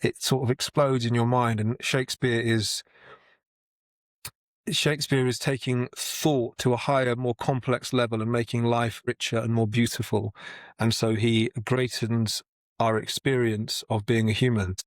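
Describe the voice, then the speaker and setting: A man's voice: mid-range voice, little pitch movement, a little slow, no echo, clean studio sound. A man giving a casual spoken lesson on Shakespeare, talking conversationally with frequent restarts and repeated words, sometimes chanting the verse rhythm aloud. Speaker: Shakespeare explainer. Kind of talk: casual explanatory talk to camera.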